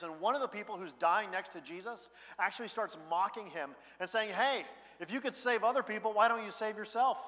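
A male pastor preaching a sermon in a conversational way, dropping quiet and then rising loud. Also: sits high. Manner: conversational preaching, swings between hushed and loud. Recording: church hall reverb.

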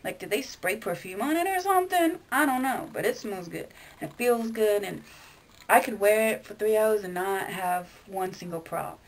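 A woman vlogging to her viewers in a casual, rambling way, blunt and quick to swear. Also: medium pitch, animated. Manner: chatty, addresses viewers directly. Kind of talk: casual chat to camera.

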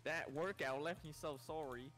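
A man's voice: a little high, normal speed, fairly bright tone, soft background music. A man streaming a game with a friend, laid-back and joking as he plays. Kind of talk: casual gameplay chat.

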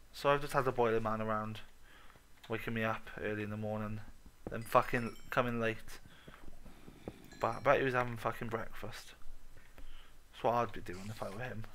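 A man's voice: mid-range voice, sharp tone, slight background noise. A young man giving a let's play commentary, muttering, humming and swearing freely to himself as he plays. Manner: swears often, mutters and hums to himself while playing. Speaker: gaming commentator.

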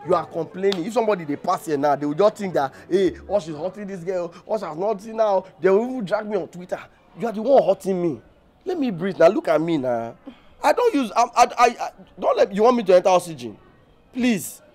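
A young man with a Nigerian accent doing an excitable, pleading, scolding comedy sketch role. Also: sits high, brisk. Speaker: comic actor. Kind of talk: comedy sketch acting in Pidgin and English.

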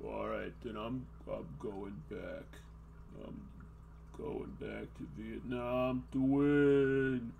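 A man imitating a gruff action-movie soldier, speaking in a slow, low, mumbled drawl. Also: animated, a little mellow, muffled recording, a little hiss or hum, exaggerated voice. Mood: brooding.

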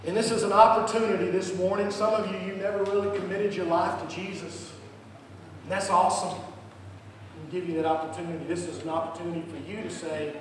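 A male pastor with a high voice gives an impassioned altar call, his voice climbing to near-shouts before it falls to a soft, hushed prayer. He sounds far from the mic in a big church sanctuary, with a long, echoing reverb and clear noise in the room. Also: little pitch movement, a little fast. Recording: echoey church hall from far off, noisy.

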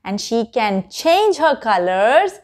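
A woman telling a story to children, slow and animated, speaking straight to the listening child. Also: a little high.

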